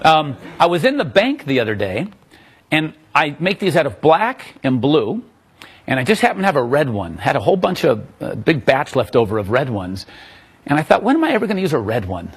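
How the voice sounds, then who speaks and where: A man's voice: a little high, big pitch swings, normal speed, slightly rough. A man presenting his own magic trick on a live sales show, joking, laughing often and telling stories. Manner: jokey, laughs often, storytelling. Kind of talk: casual live demo chat.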